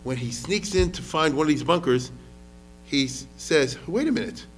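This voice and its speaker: A man's voice: on the high side, moderate pace, soft background music. A man lecturing on history as a rabbi, talking casually, often asking the audience questions and mixing in Hebrew words.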